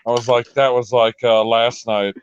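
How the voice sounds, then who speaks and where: A man's voice: medium pitch, level tone, moderate pace, dull audio, a little hiss or hum. A man co-hosting a live stream, chatting casually and cursing freely in loose banter. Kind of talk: casual chat.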